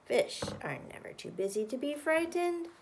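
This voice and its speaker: Woman playing a cross, boastful storybook bear, squeaky and high, big swooping lines. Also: big pitch swings, normal speed, gravelly, slight background noise, full character voice. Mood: scheming. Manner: dramatic, exclaiming. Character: large growly male bear, cross and boastful.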